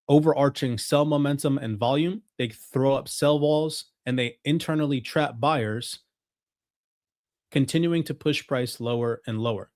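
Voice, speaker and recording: A man walking through trading charts as a market analyst, talking confidently and technically in a brisk, steady delivery. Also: medium pitch, dry recording, studio quality.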